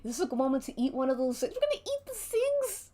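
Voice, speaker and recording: A woman's voice: sits high, very animated, fast talker, warm tone. A woman narrating a murder mystery tabletop game on a stream, giggling playfully as she runs the scene. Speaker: game master.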